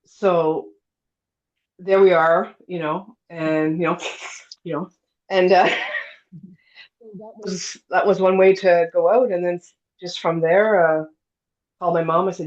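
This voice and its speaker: A woman's voice: on the low side, slow pace, long pauses. Middle-aged woman telling a story in an interview, acts out what people said, lots of um and you know, kinda dull lo-fi sound. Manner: lively storyteller, acts out quoted dialogue, many fillers. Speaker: guest telling her near-death story.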